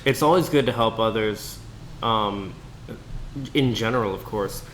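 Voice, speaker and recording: A man co-hosting a podcast, speaking calmly and supportively with soft fillers. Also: on the low side, a little slow, a little hiss or hum. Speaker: podcast co-host. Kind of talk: casual podcast chat.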